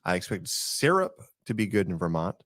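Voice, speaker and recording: A man's voice: low voice, big pitch swings, normal speed, a bit bright. A man from Texas co-hosting a casual podcast, rambling and joking, often laughing. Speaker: podcast co-host. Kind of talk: casual chat.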